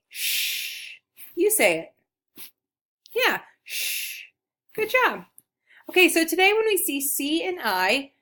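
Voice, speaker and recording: Patient primary teacher, female, lively pitch, unhurried reading-lesson delivery. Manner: encouraging, speaks slowly and clearly to young learners. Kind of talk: early reading lesson for children.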